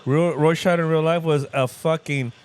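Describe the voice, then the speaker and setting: A man's voice: a little high, steady tone, moderate pace. A man co-hosting a casual movie watch-along, chatting loosely, swearing and addressing the viewers. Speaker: podcast co-host. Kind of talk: casual film commentary.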